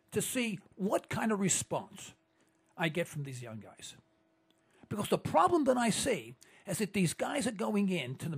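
This man hosts a political talk radio show. His voice sits high and rough, with a husky grain. He rambles emphatically, swooping up and down as he repeats himself for effect.

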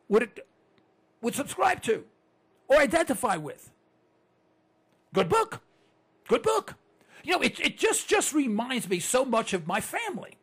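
Animated gravelly-voiced man in his sixties. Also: extremely high pitch. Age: 60s. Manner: animated storyteller, rhetorical questions, repeats words. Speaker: broadcaster addressing listeners. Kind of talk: conversational monologue with anecdotes.

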